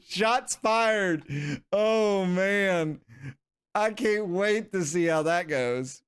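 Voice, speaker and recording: A man's voice: high-pitched, very slow, clear, resonant tone. Chatty man streaming a football game. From England. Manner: chatty, laughs often, reads on-screen questions aloud. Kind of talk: casual live-stream commentary.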